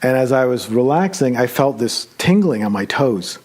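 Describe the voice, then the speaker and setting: A male meditation teacher telling a personal story during a retreat talk, conversational and animated as he acts out his own excited thoughts. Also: medium pitch, moderate pace. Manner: relaxed, conversational, with many fillers.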